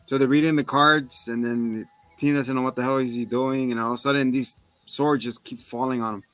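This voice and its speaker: Man, podcast co-host, animated recap chat, mid pitch, dry sound, faint music behind. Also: brisk, dry recording. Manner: animated, often acts out characters' lines in put-on voices. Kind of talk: casual TV episode recap chat.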